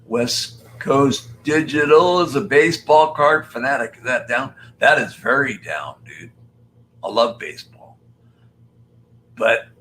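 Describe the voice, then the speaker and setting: Slow, bright-voiced older man hosting a stream. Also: medium pitch, animated, a little hiss or hum, low-quality recording. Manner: chatty, jokey, greets viewers by name. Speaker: live-stream host reading chat. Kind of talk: casual live-stream chat.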